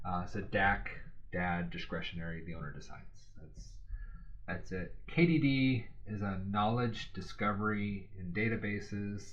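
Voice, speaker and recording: A man's voice: lowish voice, animated, normal speed, fairly bright tone, dull audio. A man giving a casual spoken study lesson, rambling and correcting himself as he thinks aloud with filler words. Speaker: exam study tutor.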